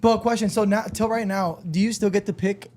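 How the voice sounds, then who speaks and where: Male podcast host, raised pitch, long-winded questioner. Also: fairly even intonation, brisk, darkish tone. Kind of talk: casual chat.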